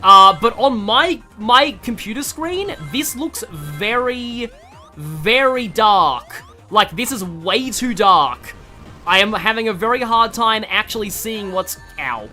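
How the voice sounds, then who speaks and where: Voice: mid-range voice, expressive, slow pace, pushed and bright, soft background music. An Australian streamer giving casual, rambling commentary on a game, self-deprecating and full of fillers.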